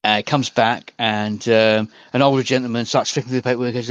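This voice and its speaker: A man running a tabletop game as game master over a voice call, rambling with many pauses. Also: mid-range voice, fairly even intonation, smooth, highs cut off. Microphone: computer mic on a voice call.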